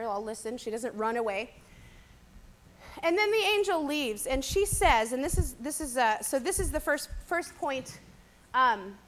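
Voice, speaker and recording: A woman with a notably high voice gives a casual Bible teaching talk. She speaks conversationally, tossing in "kinda" and "right?" as she retells the story. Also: fairly bright tone. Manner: chatty, conversational, often adds "right?" and "kinda".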